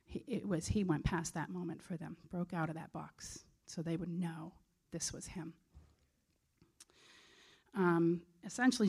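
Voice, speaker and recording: A woman's voice: on the low side, measured pace, creaky, a little mellow, breathy edge. Earnest conversational woman preacher. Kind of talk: sermon.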